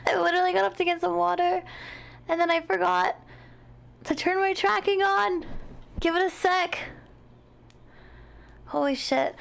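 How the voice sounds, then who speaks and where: A woman's voice: very high-pitched, fairly even intonation, a little slow, gravelly, pauses often, a bit bright. A tired young woman streaming from home, chatting casually in a rambling, dramatic mock-complaining way with a sleepy voice. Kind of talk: casual live-stream chat.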